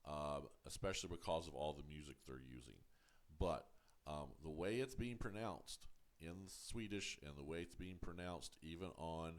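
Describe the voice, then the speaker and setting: A man with a very deep, low-pitched voice talks through a show review in a casual, unscripted way. He stumbles and restarts often, leaning on ums and uhs. When he pushes back on critics, he turns firm and a little defensive. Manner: halting, full of ums and uhs, restarts words. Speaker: show reviewer, channel host. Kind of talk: casual review commentary to camera.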